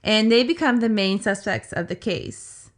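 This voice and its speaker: A woman's voice: medium pitch, moderate pace. A woman co-hosting a podcast, retelling a story in a chatty, casual way with lots of "like" fillers. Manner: chatty, filler-heavy retelling with acted quotes. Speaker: podcast co-host.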